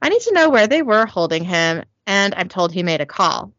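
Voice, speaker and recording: A woman's voice: medium pitch, very animated, moderate pace, fairly bright tone, no echo. A woman reading a scheming older witch mother's lines in a light, plain reading voice. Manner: reads quotes lightly. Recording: dull lo-fi, dry.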